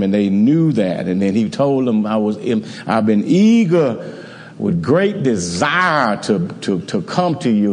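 With a fairly low, slightly mellow voice, a man preaches an evening sermon as pastor in a church sanctuary. His style is conversational and repetitive, punctuated by call-and-response amens, and the hall echoes around him.

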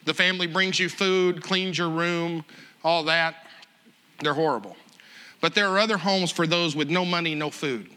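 A man telling a story in a sermon, animated and chuckling as he acts out the other people. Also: a little high, moderate pace, clean tone.

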